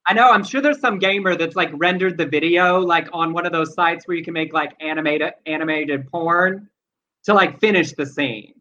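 A man with a high, bright voice chats loosely with his co-host, full of filler words. The sound is dull and lo-fi. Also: moderate pace. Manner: chatty, many fillers, joking. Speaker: podcast co-host. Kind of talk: casual chat.

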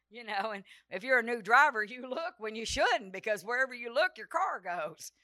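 A woman's voice: on the high side, expressive, normal speed, pushed and bright, no echo, clean studio sound. A woman preaching a revival sermon, telling a personal story with dramatic flair and acting out the dialogue. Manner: dramatic, breaks into sung prayer, acts out quoted dialogue.

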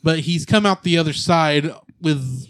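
A man co-hosting a casual movie podcast, retelling the plot with jokes and quick asides. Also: a little high, fairly bright tone, no echo. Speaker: podcast co-host. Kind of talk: casual movie recap chat.

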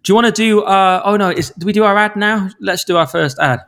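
A man's voice: high-pitched, brisk, fairly bright tone. A man co-hosting a podcast in casual chat, joking and bantering wryly. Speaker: podcast co-host.

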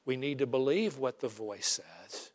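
A man's voice: mid-range voice, lively intonation, unhurried. A man preaching an emphatic sermon as pastor, ending by leading a prayer. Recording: long reverb of a large hall.

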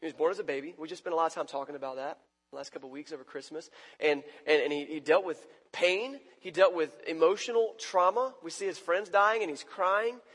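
A man pastor giving a conversational sermon, acting out quoted lines with sudden shifts between loud and soft. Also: a little high, a little fast, breathy edge. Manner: conversational preaching, acts out quoted lines with big swings in loudness. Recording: long reverb of a church hall.

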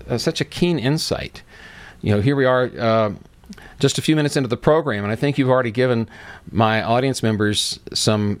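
A man hosting a podcast interview, echoing and affirming his guest's points with some fillers. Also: medium pitch. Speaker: podcast host.

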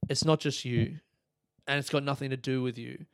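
A comedian rambles through a solo monologue on his own podcast, swearing and laughing at his own jokes. His mid-range voice is clear and resonant, with fairly even intonation at normal speed, and the studio sound is clean with no room echo.

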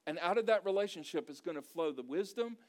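Male pastor with a high voice, preaching in a conversational, emphatic way to his church. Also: animated, quick pace, darkish tone. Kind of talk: sermon.

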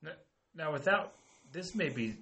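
A man's voice: a little high, lively intonation, a little slow, bright, forceful tone. A man hosting a podcast, asking questions cautiously and hedging before he gets to the point. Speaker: podcast host. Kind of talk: casual podcast interviewing.

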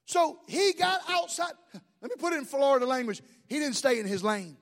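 A man's voice: very high-pitched, sing-song, fairly quick, in a large hall. A man preaching a sermon, conversational, joking with the congregation in asides. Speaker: pastor.

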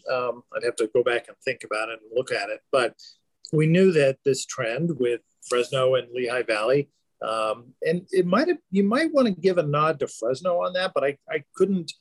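A man's voice: mid-range voice, dry recording. Man, general manager being interviewed, rambly and easygoing, dry close recording. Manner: relaxed, rambling with many fillers and restarts. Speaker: baseball team general manager. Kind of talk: conversational interview answers.

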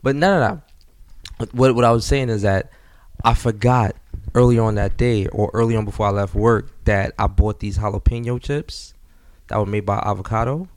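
A man, co-hosting a casual podcast and telling a laid-back story, often repeating words in quick runs. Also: lowish voice, fairly even intonation, a little mellow, no echo. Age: 20s. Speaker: podcast co-host. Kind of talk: casual chat.

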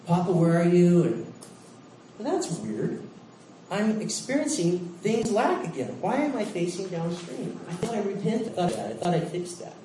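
Animated high-voiced preacher, echoey hall. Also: male voice, normal speed. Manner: animated, jokey storytelling, laughs often. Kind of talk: sermon. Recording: echoey hall, distant mic, faint hiss.

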